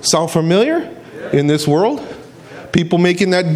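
A man's voice: fairly high pitch, big pitch swings, moderate pace, darkish tone. A male preacher giving an emphatic, storytelling sermon.

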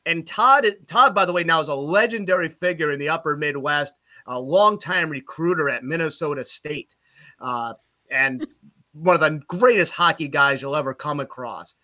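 A middle-aged man, a play-by-play broadcaster from upstate New York, telling road stories in casual podcast chat, animated and loud at punchlines. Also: fairly high pitch, normal speed. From Utica, New York.

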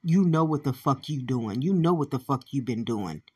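A woman delivering a profane, repetitive monologue, shouting at times and muttering low at others. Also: expressive, moderate pace, slightly rough. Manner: swears constantly, repeats phrases, swings from shouting to low mutters.

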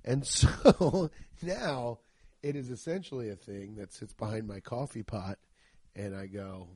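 A man hosting a podcast in a loose comic rant, swearing freely and wandering between tangents. His voice sits a bit high and swings widely up and down. The sound is dry and close, with no room echo. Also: moderate pace, breathy edge. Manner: profane, rambling, animated. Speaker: podcast host. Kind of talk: casual comedic rant.

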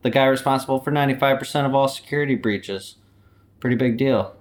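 A man's voice: medium pitch, fast, natural voice. A man playing a boastful, swaggering personification of human error in a comedic interview. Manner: swaggering, boastful, laid-back. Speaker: company anti-mascot guest.

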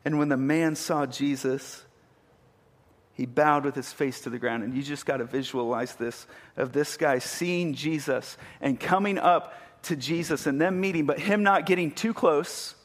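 A man's voice: a little high, unhurried. A man preaching a sermon, retelling a story vividly and building to emphatic peaks. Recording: long hall reverb.

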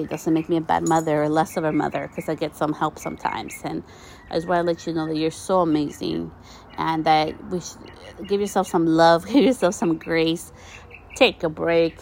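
A woman's voice: deep voice, flat delivery, normal speed, creaky, a little hiss or hum. A woman hosting a podcast, talking casually and encouragingly to listeners as a mother, recorded outside her country home. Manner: warm, chatty, encouraging, addresses listeners as "you guys". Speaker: podcast host. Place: outdoors near a country house. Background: birdsong.

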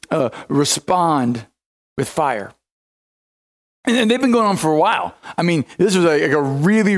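A man preaching a sermon, telling stories with energy, acting out quotes and often restarting his sentences. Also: high-pitched. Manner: animated storytelling with repeated restarts and acted quotes. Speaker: pastor.

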